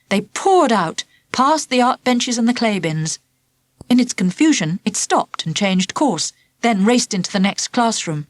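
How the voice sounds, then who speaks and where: A woman narrating a children's storybook in an expressive, lively storytelling manner. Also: mid-range voice, no room sound. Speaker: audiobook narrator.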